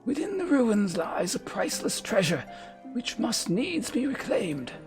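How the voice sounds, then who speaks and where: A man puts on a pompous noble knight whose voice is pushed well above his own, swooping and lively as he hands out orders. The delivery is lofty and archaic, read aloud from a game's dialogue with theatrical relish. It sounds like a strained, exaggerated put-on voice. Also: high-pitched, a little slow, over music, pitched above the performer's own voice, full character voice. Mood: haughty. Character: pompous high-born male knight giving orders.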